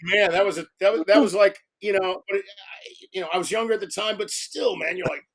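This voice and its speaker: An older man tells stories from his directing days in a loose, rambling way. He stops and restarts often and fills gaps with um and you know. His voice grows animated when the story turns funny. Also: high voice, fast talker. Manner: rambling, many fillers and restarts. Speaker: film director guest. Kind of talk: casual storytelling interview.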